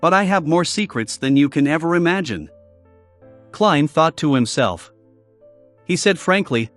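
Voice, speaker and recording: A man reading a fantasy light novel aloud as scripted narration, with an expressive delivery. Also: a little high, a little slow, long pauses, faint music behind. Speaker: audiobook narrator.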